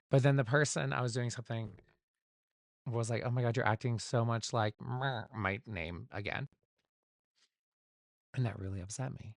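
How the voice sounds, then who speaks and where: A man's voice: mid-range voice, vocal fry, no room sound, studio quality. A man hosting his own solo podcast, chatting without a script in a rambling, candid way and swearing casually, recorded at home. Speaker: podcast host. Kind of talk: unscripted solo podcast chat.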